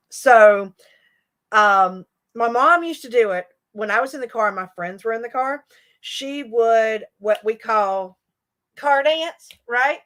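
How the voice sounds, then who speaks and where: A woman's voice: medium pitch, fairly bright tone. A middle-aged woman, a teacher and livestream host, chatting casually with her viewers and laughing often. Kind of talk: casual live chat with viewers.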